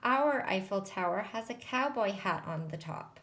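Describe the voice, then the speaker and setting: A friendly young schoolboy from a picture book, patiently setting things straight in a calm, matter-of-fact way, as a woman reads him aloud. He speaks slowly and evenly. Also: mid-range voice. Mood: explaining.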